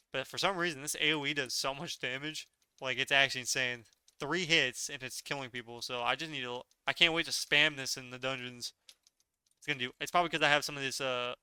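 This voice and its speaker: Man with a very bright, crisp voice. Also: medium pitch, no room sound. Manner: rambling, loose, heavy on filler words. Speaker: gaming video creator. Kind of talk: casual gameplay commentary.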